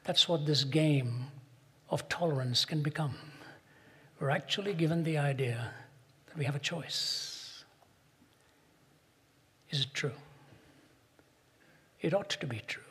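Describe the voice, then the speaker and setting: A man giving a Christian talk to an audience, arguing his point and telling stories, slowing down and pressing hard on key phrases. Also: on the high side, fairly bright tone, slightly rough. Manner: rhetorical, storytelling, slows and presses for emphasis. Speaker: Christian speaker. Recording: long hall reverb.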